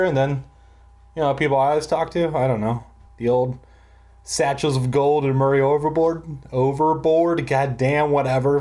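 A man reads a children's book aloud and keeps breaking off into profane, self-mocking asides. His voice swings up and down in a lively, animated way as he rambles. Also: a little high. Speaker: reader and commentator. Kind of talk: casual read-aloud with rambling commentary.

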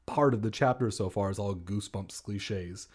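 A man's voice: on the low side, normal speed, darkish tone. Sarcastic man mocking a kids' book. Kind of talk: comedic read-aloud with commentary.

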